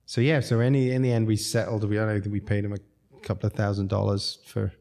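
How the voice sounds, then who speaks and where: Low, mellow-voiced man telling stories. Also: flat delivery, a little fast, vocal fry. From outside the United States. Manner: rambling, self-mocking anecdotes with laughs. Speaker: restaurateur guest. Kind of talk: casual storytelling chat.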